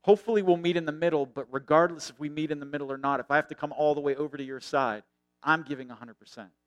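Smooth-voiced male preacher, dry sound. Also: a little high, fairly even intonation, fast talker, no echo, lo-fi sound. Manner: earnest preaching that swells and then drops to a hush. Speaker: pastor. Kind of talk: sermon.

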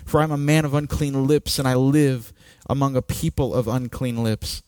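A man preaching a sermon with slow, dramatic delivery, dropping to near-whispers and rising to loud peaks. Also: mid-range voice, fairly even intonation, no echo, clean studio sound. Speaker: pastor.

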